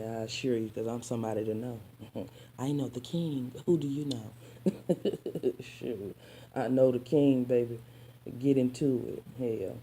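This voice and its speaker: A sassy woman vlogger speaks directly to her audience in a relaxed storytime, her dark, mellow bass voice calling them honey and child. She weaves spiritual preaching through the tale and sometimes slips into soft asides. There's a slight background noise.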